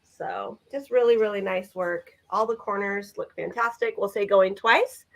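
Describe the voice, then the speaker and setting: A woman's voice: mid-range voice, fairly even intonation, moderate pace, creaky. A woman co-hosting a live vintage sale, chatting enthusiastically as she describes items. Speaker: vintage seller co-host.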